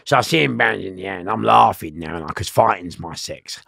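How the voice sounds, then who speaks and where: A middle-aged man, telling prison stories loudly in an interview. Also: low-pitched, a little fast, gravelly, dry recording, clean studio sound. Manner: loud, lively, laughing storyteller. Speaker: interview guest. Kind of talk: storytelling in an interview.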